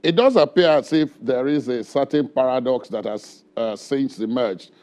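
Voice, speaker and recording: Deliberate man interviewing. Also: mid-range voice, lively intonation, darkish tone. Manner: deliberate, hesitant with many fillers. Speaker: TV news interviewer. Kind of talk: interview questions.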